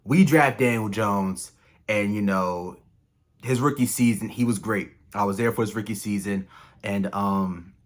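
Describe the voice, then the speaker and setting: A young man hosting a fan channel, giving an emotional, excited postgame reaction rant with lots of repetition. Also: on the low side, measured pace. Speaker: sports fan channel host.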